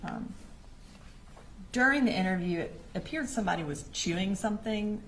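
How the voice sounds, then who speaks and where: Gravelly woman questioning a witness. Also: mid-range voice, lively intonation, fairly bright tone. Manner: measured, prompting questions. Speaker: prosecutor. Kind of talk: courtroom questioning. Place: courtroom.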